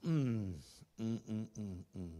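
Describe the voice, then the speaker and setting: A man preaching as a pastor in a church, rambling and chatty with many restarts, moving from hushed storytelling to loud exhortation. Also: fairly low pitch, expressive, slow pace. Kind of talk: sermon.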